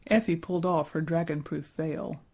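A man reading a fantasy storybook aloud in a steady, even storytelling manner. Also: a little high, moderate pace. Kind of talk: storybook narration.

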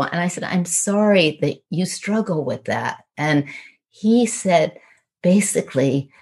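A woman with a low, grounded voice tells a personal story on a podcast. She speaks earnestly and reflectively, acting out both sides of a remembered conversation. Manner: earnest, reflective, retells dialogue in quotes.

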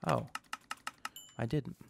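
A man's voice: slow, background noise. A young man hosting a gaming channel, talking casually to himself as he plays and tossing in jokey asides. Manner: chatty, self-talking, joking asides. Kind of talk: casual gameplay commentary.

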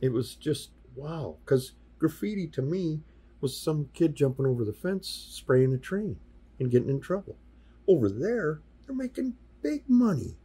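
The podcast guest, a Midwestern sign painter who also teaches workshops, has a fairly high, warm, husky voice that swings widely in pitch and moves unhurriedly. Recounting stories in a casual studio interview, he drops into the voices of people he quotes.

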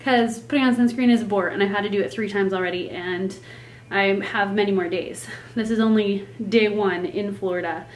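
A woman's voice: mid-range voice, fairly even intonation, fairly quick. A woman vlogging casually about her vacation, chatty and playful, often laughing. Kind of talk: casual travel vlog. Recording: echoey room, faint noise.

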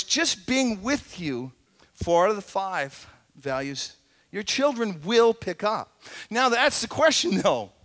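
High-voiced earnest preaching pastor. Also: male voice. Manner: earnest, conversational preaching with rising emphasis and quiet asides. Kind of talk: sermon. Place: church sanctuary.

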